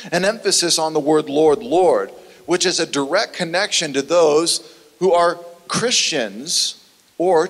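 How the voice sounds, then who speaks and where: A man preaching a sermon in an earnest, conversational way that sometimes turns animated. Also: a little high. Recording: long hall reverb.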